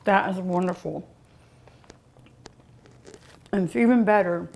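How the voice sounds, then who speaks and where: Leisurely woman cooking-show host, folksy and chatty, lingering over each taste with long mms. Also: mid-range voice. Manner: savoring, lots of drawn-out mms and ohs. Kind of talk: casual cooking show tasting. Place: outdoors at home by the pool.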